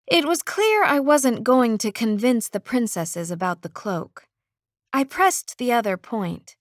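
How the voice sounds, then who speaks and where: A woman narrating a first-person fantasy audiobook in an expressive reading style. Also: on the high side, a little slow, dry recording, studio quality. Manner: expressive, character-voiced reading.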